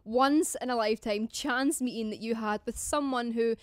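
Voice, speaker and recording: A woman's voice: a little high, normal speed, no echo, studio quality. A woman with a Scottish accent hosting a casual interview, bubbly and enthusiastic. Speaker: interviewer host.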